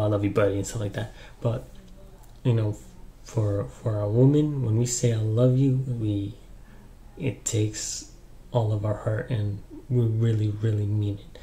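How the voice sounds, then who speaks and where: Relaxed low-voiced young man giving advice. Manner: relaxed, rambling, frequent ums and you-knows. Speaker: relationship advice vlogger. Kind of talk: casual advice talk to camera.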